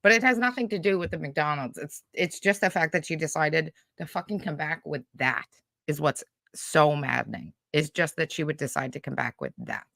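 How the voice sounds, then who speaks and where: A woman's voice: deep voice, normal speed, vocal fry, hardly any pauses, a bit bright, dry recording. A woman hosting live-stream commentary, blunt and profane, talking with angry, sweary frustration. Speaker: YouTube commentary host.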